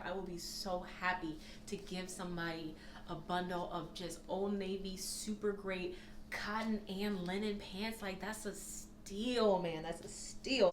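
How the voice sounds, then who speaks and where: A woman's voice: mid-range voice, slight background noise. Gushing woman in an echoey room. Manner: gushing, animated, laughs often. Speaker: reseller vlogger. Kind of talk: casual thrift haul chat.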